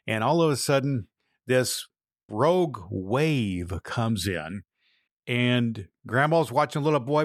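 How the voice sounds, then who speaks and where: Earnest retired pastor hosting a podcast. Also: male voice, medium pitch, animated, unhurried, dry recording, clean studio sound. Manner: earnest storytelling with restarts. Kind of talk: casual podcast monologue.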